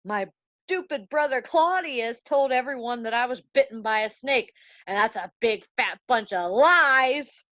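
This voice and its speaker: A woman voicing a vengeful dead king's ghost in casual slang, with slow dramatic emphasis, on a dry, dull recording. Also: on the high side, animated, fairly bright tone, no echo.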